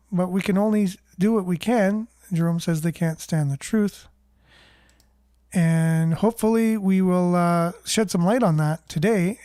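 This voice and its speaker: A man hosting a casual local news roundup, reading out viewer comments in a relaxed, rambling way. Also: high voice, dry recording, clean studio sound. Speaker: host of a local news show.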